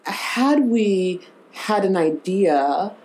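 In a casual chat, this woman podcast co-host laughs while recounting a funny story before turning reflective to share a spiritual lesson. Her medium-pitched voice has a darkish tone, lively intonation, and drawn-out words.

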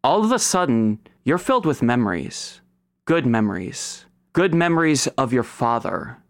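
A man's voice: mid-range voice, big pitch swings, normal speed, no echo. A man running a tabletop game, narrating the scene dramatically for the players. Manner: dramatic storytelling, dropping to whispers. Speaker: game master.

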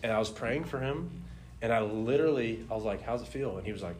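A young man telling a personal faith testimony in a casual, animated way, laughing often and filling his talk with "like". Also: mid-range voice, fast, faint music behind. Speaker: speaker sharing a testimony.

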